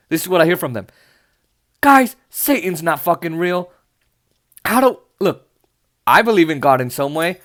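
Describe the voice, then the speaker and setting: A man's voice: sits high, a bit bright. A young man hosting a podcast, ranting in an exasperated, sarcastic way and swearing often. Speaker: podcast host. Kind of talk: ranting political commentary.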